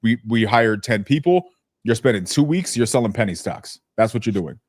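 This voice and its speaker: A man hosting a casual business podcast who tells stories bluntly and profanely and slips into lively impressions of people. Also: fairly low pitch, normal speed, no echo, clean studio sound. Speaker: podcast host.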